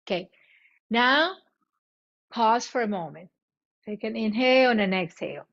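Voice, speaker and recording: A woman guiding a chair yoga class, giving cues in both English and Spanish and demonstrating loud vocal sounds. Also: fairly high pitch, lively intonation, moderate pace, gravelly. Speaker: yoga instructor. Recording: muffled lo-fi recording.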